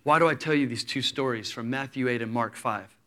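A man in his thirties preaching a sermon, telling a story with lively energy and acting out the people in it. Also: medium pitch, a little fast. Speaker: pastor.

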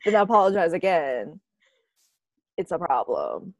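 A woman's voice: on the low side, very animated, normal speed, no room sound, highs cut off. A teenage girl chatting casually with a friend, bubbly and giggly, often apologizing. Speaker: co-host. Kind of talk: casual chat.

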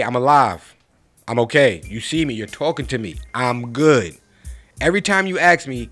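A man's voice: mid-range voice, sing-song, normal speed, a bit bright. A man rants to his listeners in loose street slang. He lectures hard and fires rhetorical questions. Faint music plays underneath. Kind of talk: casual motivational rant to camera.

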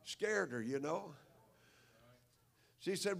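A middle-aged male preacher with a high, gravelly voice. He preaches with fervor, scattering amens through every stretch of his sermon. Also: a little slow, fairly bright tone. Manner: fervent, punctuated with frequent amens. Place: church service.

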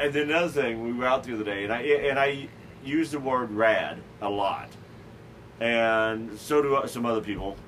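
A man's voice: on the low side, a bit bright, slight background noise, poor audio. A man hosting a casual talk show, rambling with lots of stammered restarts and fillers. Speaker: podcast host. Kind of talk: casual chat.

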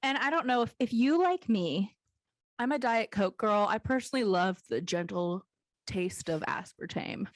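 A woman's voice: mid-range voice, expressive, moderate pace, no room sound. A woman co-hosting a casual podcast chat, candid and playful, laughing at her own jokes. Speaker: podcast co-host.

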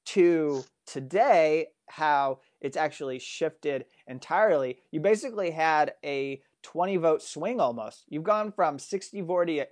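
A man's voice: on the high side, darkish tone, dry recording, clean studio sound. A man co-hosting a political talk show, explaining votes in casual chat with many fillers. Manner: reads out quotes, laughs often, halting with fillers. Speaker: political news show co-host.

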